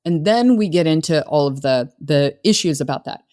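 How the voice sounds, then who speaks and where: A woman's voice: deep voice, lively intonation, normal speed, darkish tone. A middle-aged woman coaching on sales, talking in an earnest, conversational way with many fillers and restarts. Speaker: business coach. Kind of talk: solo podcast talk.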